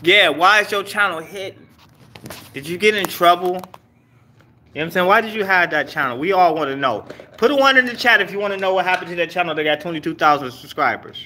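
A man's voice: high-pitched, expressive, fast, pushed and bright, slight background noise. Profane, teasing man hosting a livestream. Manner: loose, profane, teasing banter with chat. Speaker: livestream host. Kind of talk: casual livestream chat.

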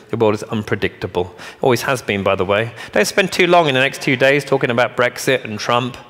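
Emphatic man giving a keynote. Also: medium pitch. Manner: emphatic, punchy, joking asides and rhetorical questions. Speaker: keynote speaker. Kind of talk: motivational keynote speech. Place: large conference hall. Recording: long hall reverb.

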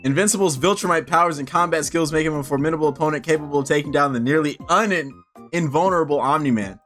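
A man's voice: fairly high pitch, fast, fairly bright tone, faint music behind. A young man giving casual, sarcastic gameplay commentary, laughing and swearing as he plays. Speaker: gaming video creator.

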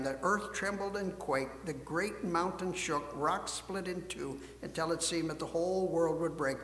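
High-voiced pastor in an echoing church. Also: male voice, slight background noise. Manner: expressive storyteller, shifts between hush and emphasis. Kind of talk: storybook reading and sermon. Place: church sanctuary. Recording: echoey church hall.

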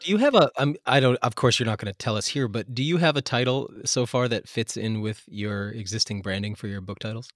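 A man's voice: mid-range voice, fairly quick, hardly any pauses, dry recording, studio quality. A man hosting a podcast interview, asking curious questions with fillers. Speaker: podcast host.

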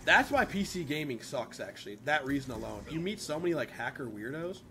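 A man's voice: fairly high pitch, brisk, a little hiss or hum. A young man streaming live, chatting casually and profanely with his viewers. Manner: profane, animated, talks to chat.

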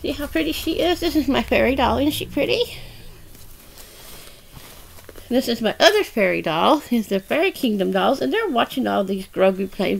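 A woman hosting a doll play vlog, cooing at a kitten in a sing-song way. Her voice is high and swoops up and down. She talks slowly, with a gravelly edge. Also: lively intonation. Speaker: doll channel host.

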